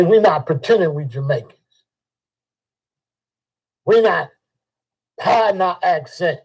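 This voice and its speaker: An older man. His voice sits high for a man. He delivers a heated, profane monologue and circles back to the same points again and again. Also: darkish tone, breathy edge, low-quality recording. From Chicago. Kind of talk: ranting monologue.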